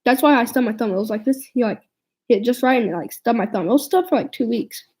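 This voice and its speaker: A woman's voice: on the high side, fast, a little mellow, slightly rough, rough recording. A teenage girl telling a storytime vlog, rambling along with lots of "like" fillers and restarts. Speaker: vlogger.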